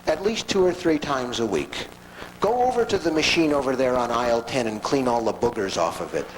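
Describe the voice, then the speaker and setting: A man's voice: mid-range voice, very animated, fairly quick, a little hiss or hum, close to an everyday voice, low-quality recording. A man voicing an apologetic male personnel manager who is overly polite.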